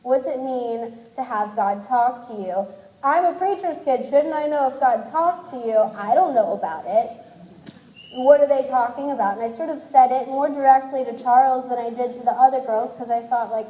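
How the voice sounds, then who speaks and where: A woman's voice: fairly high pitch, normal speed, mellow, reverberant, long reverb tail, low-quality recording. A woman in her twenties from Cincinnati, candidly telling a personal story with self-deprecating humor and acting out what others said. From Cincinnati, USA. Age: 20s. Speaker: speaker sharing her testimony.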